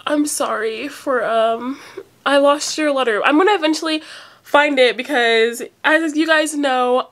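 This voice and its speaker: A woman's voice: high-pitched, fairly bright tone. A young woman vlogging casually on her phone, rambling with lots of fillers and sounding emotional and close to tears. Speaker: vlogger opening fan mail. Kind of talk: casual unedited phone vlog.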